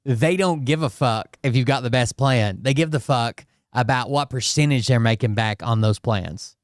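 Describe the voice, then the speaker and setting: Man, casual reaction commentary, blunt, profane, smooth voice, dry close mic. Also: medium pitch, moderate pace, dry recording. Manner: blunt, profane, with frequent restarts.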